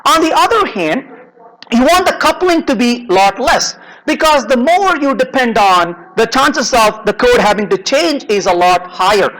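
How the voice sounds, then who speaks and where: A man delivers a software design talk to a conference audience. His voice rises and falls a great deal. He slips into storytelling and acts out the exchanges in his anecdotes. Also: very high-pitched, normal speed, poor audio. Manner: animated storyteller, acts out dialogue. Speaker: conference speaker. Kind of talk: technical talk with personal anecdotes.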